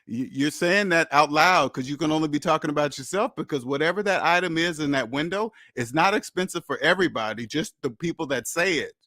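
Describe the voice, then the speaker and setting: Man, slightly high pitch, blunt, lecturing, repetitive, dry sound. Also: a little fast, few pauses, pushed and bright, dry recording. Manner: blunt, lecturing, repeats points for emphasis. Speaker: host. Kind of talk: casual monologue.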